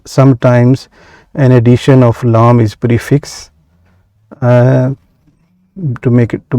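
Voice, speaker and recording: Slow-paced man teaching Arabic grammar. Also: mid-range voice, mellow, dry recording. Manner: measured, many "uh" pauses, slow deliberate explanation. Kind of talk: explaining grammar from a workbook.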